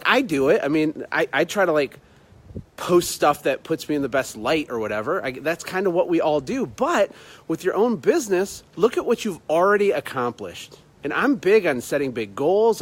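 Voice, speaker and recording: Chatty man on a livestream. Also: a little high. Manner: conversational, repeats himself, greets viewers by name. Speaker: business motivational speaker. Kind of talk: casual Facebook Live talk. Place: outdoors at home at night.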